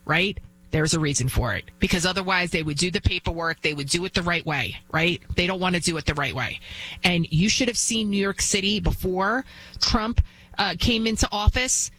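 A woman's voice: medium pitch, a bit bright, slight background noise, rough recording. A woman hosting a talk show, delivering an emphatic, blunt monologue that repeats its points and keeps asking "right?".

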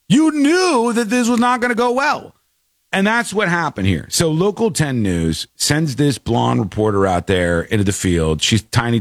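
A man hosting a show, giving jokey, animated commentary on a news clip. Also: mid-range voice, no echo, clean studio sound. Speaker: show host.

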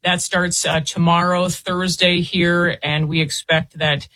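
A woman reporter answering interview questions, halting and repeating words as she explains. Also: lowish voice, flat delivery, fairly bright tone, rough recording. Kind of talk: interview guest.

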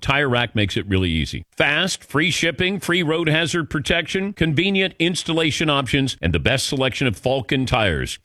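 A man's voice: mid-range voice, sharp tone, no echo, studio quality. A man reading an ad in an upbeat, emphatic way. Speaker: ad announcer. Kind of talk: scripted ad read.

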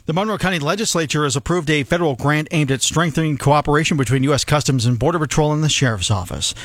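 A man reading the morning news on the radio in a brisk, formal newsreading manner. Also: fairly high pitch, fairly bright tone, no echo. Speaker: news anchor. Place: radio studio.

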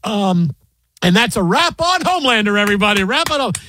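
Animated high-voiced man in his fifties. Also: brisk, slight background noise. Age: 50s. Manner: animated storytelling, many restarts. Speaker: show host. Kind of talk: casual chat.

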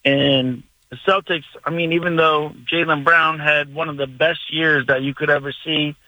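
Rambling male fan caller, bright and a bit high. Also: fairly even intonation, normal speed, no room sound, rough recording. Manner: rambling, hesitant. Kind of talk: call-in sports talk.

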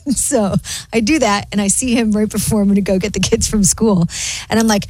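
A woman co-hosting a radio show, telling a personal story in a casual, animated way. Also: mid-range voice, a little fast, dry recording. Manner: animated, laughs through her story.

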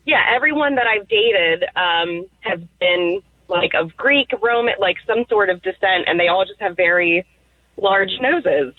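A woman's voice: medium pitch, unhurried, dry recording. A woman calling in to a radio show, hesitant and full of fillers, over a phone line. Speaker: caller. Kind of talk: phone-in call.

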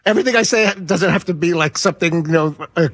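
Man, radio co-host, quick talk, higher voice, husky, argumentative. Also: a bit bright, no echo, studio quality. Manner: needling, argumentative. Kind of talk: sports talk radio banter.

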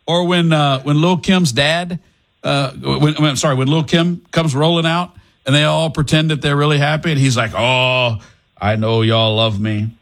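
A man's voice: fairly high pitch, normal speed, vocal fry. A middle-aged man hosting a casual radio call-in show, joking and restarting his sentences. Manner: jokey, animated, restarts sentences. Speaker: radio talk show host.

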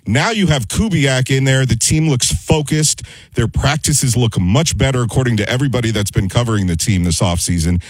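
A man's voice: medium pitch, fairly quick, husky, no echo, rough recording. A man on a sports talk show giving earnest, upbeat team analysis in casual studio chat.

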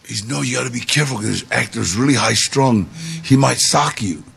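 A man telling a personal story to an audience, animated, with gravelly voice-play in the quotes. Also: medium pitch, fairly quick, slight background noise. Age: 40s or older. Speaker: guest storyteller.

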